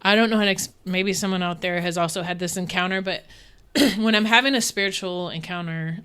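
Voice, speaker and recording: Bright, clear-voiced woman telling faith stories. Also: fairly low pitch, fairly quick. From Dallas, Texas. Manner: animated, earnest, laughs often, many restarts. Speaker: guest. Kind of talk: candid interview storytelling.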